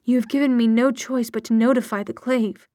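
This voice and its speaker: A woman's voice: fairly high pitch, steady tone, brisk, dark tone, no room sound, clean studio sound, natural voice. A woman reading aloud and voicing a stern, tired middle-aged mother with a clipped, commanding manner. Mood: grave.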